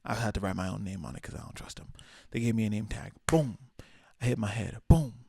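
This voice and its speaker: A young man from the American South hosting a casual solo podcast, telling stories with swearing and playful high-pitched asides. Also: fast talker, vocal fry, very noisy. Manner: animated storyteller, swears freely, acts out quotes in high voices. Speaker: podcast host.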